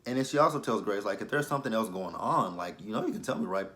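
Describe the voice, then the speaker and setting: A man's voice: on the low side, quick pace. Sassy man recapping a TV drama. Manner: animated, sassy, talks back to characters. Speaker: TV show reviewer. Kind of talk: casual review vlog.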